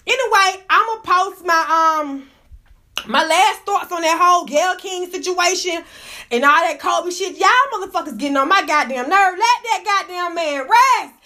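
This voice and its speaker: A woman with a very high, piercing voice rants through a casual gossip livestream. She swears freely and laughs often, and her sharp, bright tone comes straight through a phone mic indoors. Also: normal speed. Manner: profane, fired-up ranting, laughs often. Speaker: livestream host.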